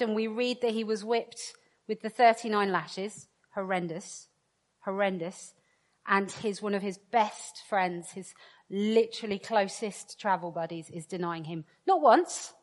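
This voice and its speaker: A woman preaches to a congregation in a hall with a long, ringing reverb. She banters playfully with the people in front of her. Then she slows to a deliberate, emphatic pace and lets the key words hang. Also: medium pitch. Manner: playful and joking with the crowd, then slow and emphatic. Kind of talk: interactive sermon to a congregation.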